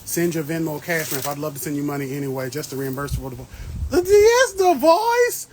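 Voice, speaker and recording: A man's voice: fairly high pitch, steady tone, rapid-fire, a little hiss or hum, poor audio. Thirties male host, chatty and playful, talking to live viewers from his garden over a phone, faint background ambience. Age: 30s. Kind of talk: casual live-stream chat. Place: outdoor garden beds. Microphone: phone livestream.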